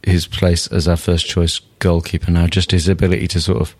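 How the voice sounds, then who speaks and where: A low-pitched man chatting on a football podcast. He is blunt and jokey and swears freely, ranting half in fun. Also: little pitch movement, fairly quick. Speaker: podcast co-host. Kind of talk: casual football podcast chat.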